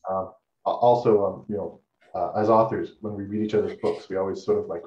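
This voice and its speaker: A man hosting a panel discussion, talking casually and haltingly with many fillers and easy laughs. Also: deep voice, fairly even intonation, dark tone, echoey room, muffled recording. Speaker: host.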